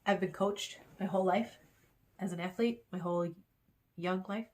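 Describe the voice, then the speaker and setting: A woman with a somewhat low voice talks to her camera in a loose, rambling vlog. She repeats her phrases over and over, giving herself a pep talk. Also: fairly even intonation, normal speed, a little mellow. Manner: repetitive, self-encouraging, rambling. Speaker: vlogger.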